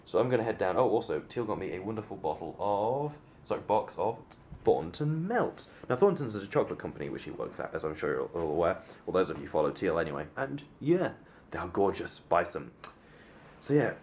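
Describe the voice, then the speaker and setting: A young Englishman talks to his camera in a hotel room, rambling and poking fun at himself, his voice sitting very low. Faint background noise runs under his casual, filler-heavy chat. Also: big pitch swings, fairly quick, darkish tone. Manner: rambling, self-mocking, many fillers and restarts. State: sunburnt. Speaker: vlogger.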